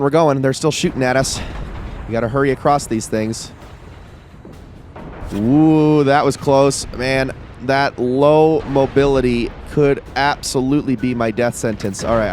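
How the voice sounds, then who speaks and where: A man's voice: medium pitch, fairly even intonation, moderate pace, a little hiss or hum. A man hosting a let's play, giving casual running commentary and reacting aloud to the game.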